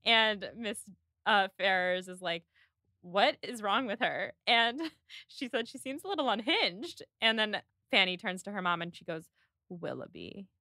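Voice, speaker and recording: A chatty woman hosts a podcast, her voice bright and clear. She recaps scenes in a casual flow, sometimes slipping into quoted lines. The sound is dry and close, with no room behind it. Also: mid-range voice, animated, normal speed, no echo. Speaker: podcast host. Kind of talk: casual chat recapping a period drama.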